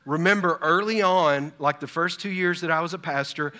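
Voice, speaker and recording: A pastor in his fifties preaches a sermon full of rhetorical questions and personal stories. His voice is a little high, bright, and forceful, at a normal speed.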